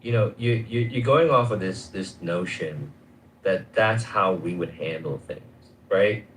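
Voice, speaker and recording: A man's voice: deep voice, a little slow, a bit bright, slight background noise, low-quality recording. Insistent man in a heated debate. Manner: insistent, repeats the other's name, swears. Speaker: debate guest.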